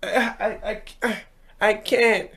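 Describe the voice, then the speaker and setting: A timid four-year-old boy speaks in a small, high, hesitant voice, as a man puts him on. He stammers and keeps his answers short, as though unsure of himself. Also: flat delivery, slow, gravelly, a bit bright, full character voice.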